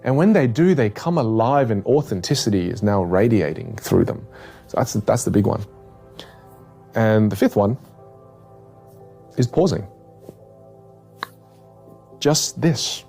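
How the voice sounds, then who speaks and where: A man working as a communication coach, explaining his ideas in a podcast conversation with energetic, emphatic repetition. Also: lowish voice, moderate pace, gravelly, pauses often, faint music behind. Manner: energetic, emphatic, repeats key points.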